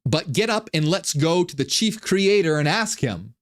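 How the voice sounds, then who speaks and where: A man's voice: sing-song, normal speed. A man voicing panicking male servants of a cosmic ruler, frantic and crude. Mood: bewildered. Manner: frantic, high-pitched, crude.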